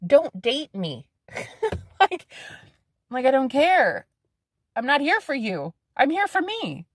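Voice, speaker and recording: A woman's voice: sits high, huge pitch swings, slow, dry recording, clean studio sound. A woman in her thirties talking to camera in a casual vlog, blunt and defiant, swearing freely, repeating phrases for emphasis and laughing between lines. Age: 30s. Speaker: psychic medium.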